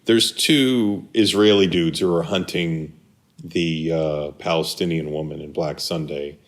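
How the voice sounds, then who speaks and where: A man's voice: low voice, fairly even intonation, unhurried. A man co-hosting a casual film podcast, rambling and restarting as he searches for names. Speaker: podcast co-host.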